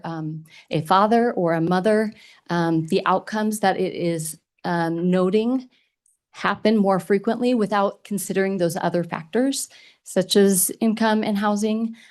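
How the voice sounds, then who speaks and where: A woman's voice: fairly low pitch, darkish tone. A woman giving public testimony at a committee hearing, earnest and hesitant, with frequent ums and restarts.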